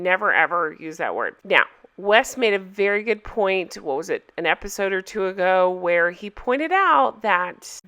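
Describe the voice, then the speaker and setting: A woman recapping a reality show in a casual, opinionated way, hoarse from a cold and asking viewers for their thoughts. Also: medium pitch, sharp tone. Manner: chatty, opinionated, asks viewers for comments.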